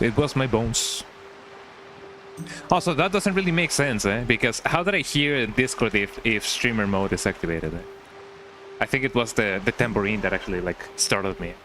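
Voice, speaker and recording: A man's voice: fairly low pitch, expressive, moderate pace, background noise. A young man streaming a game, chatting in a playful, rambling way and tagging lines with "eh?". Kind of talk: casual gameplay commentary.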